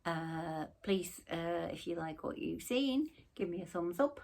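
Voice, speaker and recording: A woman's voice: fairly low pitch, lively intonation, unhurried, gravelly, a little mellow. A middle-aged woman, chatting casually in her craft vlog, tired and yawning, rambling and apologetic. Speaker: crafting vlogger.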